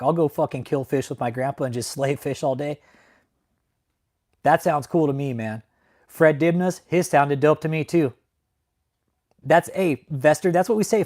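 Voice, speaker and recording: A man's voice: a little high, darkish tone. A young man hosting a casual livestream, rambling and emotional, swearing heavily and ending his sentences with "man". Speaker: channel host. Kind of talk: casual livestream talk to viewers.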